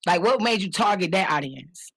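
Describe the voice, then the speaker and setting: A woman co-hosting a radio show, asking questions in a relaxed way and laughing often. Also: on the low side, moderate pace, slightly rough, dry recording, low-quality recording. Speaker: co-host. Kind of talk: casual radio interview. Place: radio studio.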